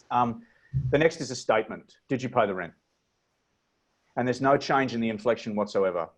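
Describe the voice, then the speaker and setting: A man with an Australian accent coaching a webinar on speech over a video call, talking in a measured, deliberate way and demonstrating inflections. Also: medium pitch. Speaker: presentation coach. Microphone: computer mic on a video call.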